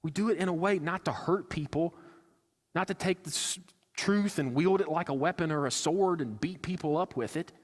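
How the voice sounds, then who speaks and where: A man's voice: fairly high pitch, moderate pace. A male pastor preaching a sermon, earnest and conversational, slipping into acted-out asides. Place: church sanctuary. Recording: church hall with long reverb.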